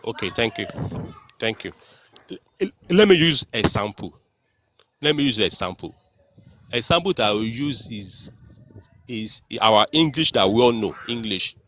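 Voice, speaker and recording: A man's voice: medium pitch, animated, a little slow, pauses often, a bit bright, no room sound. Earnest Nigerian man, dry close sound. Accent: Nigerian, Yoruba. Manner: earnest, repeats himself, many fillers. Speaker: guest speaker. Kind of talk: online group discussion.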